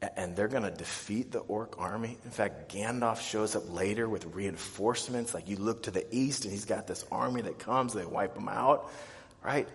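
A pastor in his thirties preaches a sermon, telling stories animatedly and acting out scared, panicked voices with big leaps in pitch and loudness. A long reverb tail trails his words.

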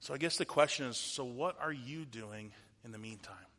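A man's voice: medium pitch, normal speed, fairly bright tone. A man in his thirties giving a conversational sermon as a pastor, asking the audience rhetorical questions. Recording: long hall reverb.

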